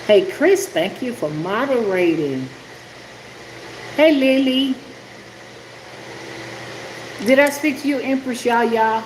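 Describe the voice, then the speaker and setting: An older woman talks casually on a live stream, calling out viewers by name and chatting as she works at home. Her voice carries a roomy echo, and the steady hum of an air conditioner sits clearly underneath. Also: a little high, measured pace. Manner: chatty, greets viewers by name while working with her hands. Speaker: rootworker hosting a livestream. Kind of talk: casual livestream chat greeting viewers. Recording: echoey room with air conditioning noise.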